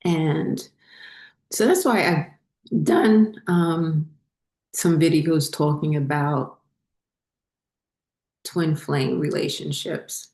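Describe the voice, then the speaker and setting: A woman talks through her own story, slow and unhurried, often pausing on ums and correcting herself as she goes. Her voice sits low and mellow. The room around her gives it a noticeable echo. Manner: rambling, frequent ums and self-corrections. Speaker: spiritual channel host. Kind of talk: casual personal storytelling.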